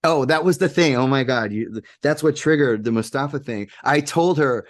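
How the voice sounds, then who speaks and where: A man's voice: fairly high pitch, moderate pace, few pauses. A man as an interview guest, telling a long rambling anecdote with lots of fillers and acted-out quotes. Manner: animated, rambling anecdotes with laughs and quoted voices. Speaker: interview guest, game maker. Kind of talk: casual interview storytelling.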